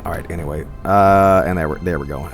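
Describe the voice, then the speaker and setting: A man's voice: sits low, fairly quick, music in the background. A man giving casual, rambling gameplay commentary as a streamer, swearing and laughing often.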